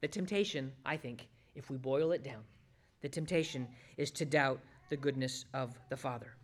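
A man preaching a sermon, swinging between loud emphasis and hushed asides as he acts out quoted voices. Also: medium pitch, normal speed. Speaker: pastor.

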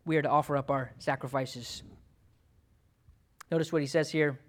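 A man's voice: on the high side, fairly even intonation, moderate pace. A man preaching a sermon in an emphatic, conversational way, often checking in with "okay?" and "right?". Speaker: pastor.

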